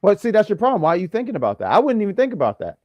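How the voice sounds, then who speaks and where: A man's voice: sits high, huge pitch swings, very fast, no echo, muffled recording. A man hosting a casual wrestling review show, teasing his co-host playfully. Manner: playful teasing, lots of fillers. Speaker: podcast host.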